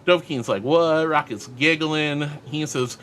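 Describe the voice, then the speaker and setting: A man's voice: a little high, very animated, normal speed, pushed and bright, slight background noise. A man streaming live and reading out chat, bubbly and affectionate, calling viewers sweetie.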